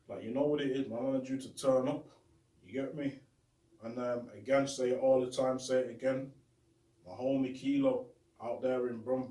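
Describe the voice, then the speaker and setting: A man's voice: medium pitch, darkish tone, recorded from a distance. Young man, host, slang-heavy and repetitive, phone recording in a roomy bedroom set back from the mic. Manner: street slang, repetitive, heartfelt. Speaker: show host. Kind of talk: casual shout-out monologue. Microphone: phone camera.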